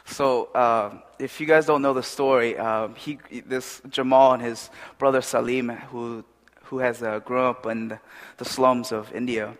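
A man preaching a sermon in a conversational, animated way, with restarts and asides. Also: mid-range voice, measured pace, big-room sound.

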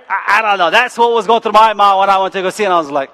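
A man preaching a sermon as pastor, animated and joking, often checking in with the congregation by asking "okay?" and "right?". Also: high-pitched, fast talker, hardly any pauses. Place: church sanctuary. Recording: long church hall reverb.

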